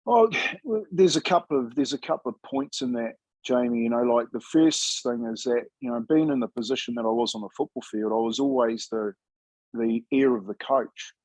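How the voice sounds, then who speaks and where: A husky man in his fifties, from New Zealand, talks through his old coaching days in a relaxed, chatty way. He calls people "mate" and acts out the voices of people he quotes. His voice sits close and dry, with no room around it. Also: medium pitch, normal speed, no room sound, low-quality recording. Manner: laid-back, chatty, says "mate" often, acts out quoted dialogue. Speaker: former rugby league player and coach, guest. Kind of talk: casual storytelling interview.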